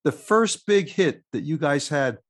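A man's voice: a little high, lively intonation, a little slow. A man hosting an interview in a chatty, upbeat way. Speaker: radio host. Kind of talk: casual interview chat.

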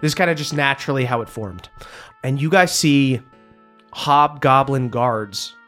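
A man running a tabletop game as game master, narrating in a relaxed way with many fillers. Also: mid-range voice, measured pace, soft background music.

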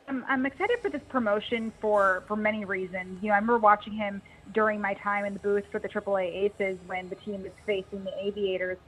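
A woman's voice: medium pitch, a bit bright, slightly rough, poor audio. A woman talking baseball as an analyst on a pregame radio show, chatty and self-deprecating. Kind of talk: casual sports chat.

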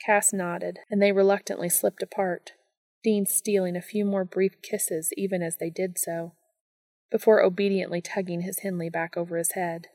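A woman narrating a romance story aloud in a calm, soft storytelling manner. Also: fairly low pitch, normal speed, no room sound.

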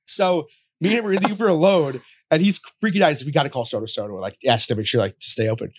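Young male podcast guest, rapid storyteller, dry close sound. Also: fairly high pitch, very animated, husky, dry recording. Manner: rapid storytelling with lots of fillers and swearing. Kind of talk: casual chat.

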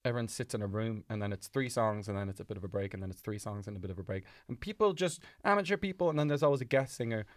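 A man's voice: lively intonation, racing, few pauses, dry recording. Man, podcast co-host, casual rambling storyteller with a dry, close sound. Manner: rambling storyteller, drops his voice low and soft. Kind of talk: casual chat.

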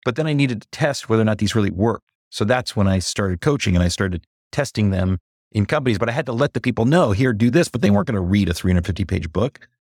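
Man, executive coach, podcast guest, very low voice, candid, reflective, measured emphasis. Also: no room sound, studio quality. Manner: reflective, candid, slows to stress points and gets animated when recounting. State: briefly emotional. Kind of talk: podcast interview.

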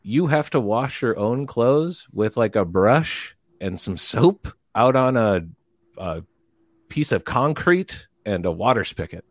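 A man telling a long story in casual chat, rambling and animated, and bursting into loud quoted lines. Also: mid-range voice, slow pace, dry recording. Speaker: podcast guest telling a story.

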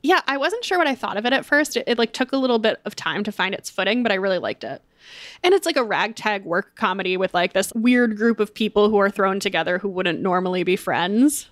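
A woman's voice: mid-range voice, expressive, brisk, a bit bright, dry recording, clean studio sound. A young woman co-hosting a podcast, chatting in an upbeat way with lots of casual fillers. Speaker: podcast co-host. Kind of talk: casual chat with ad read.

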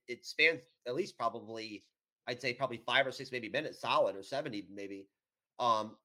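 A man from New York co-hosting a podcast, recapping an episode in a rambling, profane way full of "you know" and "um". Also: mid-range voice. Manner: rambling, profane, heavy with fillers. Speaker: podcast co-host. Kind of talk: casual recap chat.

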